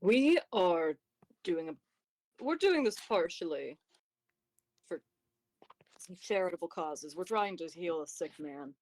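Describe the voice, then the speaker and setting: A woman's voice: lowish voice, expressive, slow, pauses often, darkish tone. A woman playing a tabletop game in casual chat, wry and chatty. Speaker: player. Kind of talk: casual in-character play.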